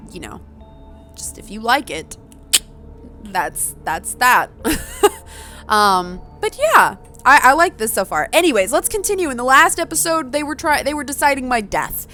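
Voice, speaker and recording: A woman narrates a story game aloud, moving between expressive reading and chatty commentary. She laughs at her own attempts at voices, and faint game music sits in the background. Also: a little high, normal speed. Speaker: let's play gamer.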